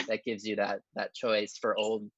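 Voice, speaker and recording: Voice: medium pitch, completely flat delivery, normal speed, dull audio, noisy background. A person with a Southern US accent in a comedy debate, playful, laughing and trailing off. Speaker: debate contestant. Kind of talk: comic debate banter.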